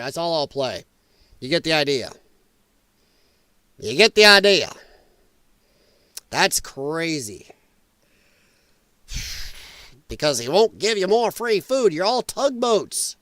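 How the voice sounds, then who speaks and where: A man's voice: on the high side, clean tone, no room sound. A man hosting a live stream, reacting to clips with sarcastic, mocking commentary and frequent laughter. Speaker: live-stream podcast host.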